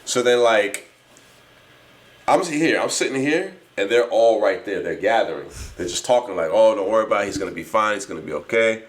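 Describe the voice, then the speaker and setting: Man, 30s, from New Jersey, low voice; loose, animated podcast storyteller who swears freely. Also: a little fast. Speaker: podcast co-host. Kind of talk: casual chat, storytelling.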